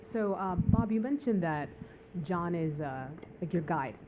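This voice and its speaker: A woman in the audience asking a question in a slow, hesitant, halting way. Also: on the low side, expressive, dark tone, a little hiss or hum.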